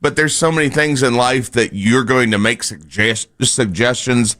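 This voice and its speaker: A man co-hosting a radio show, giving measured advice in casual banter. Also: mid-range voice, fairly bright tone. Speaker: radio co-host.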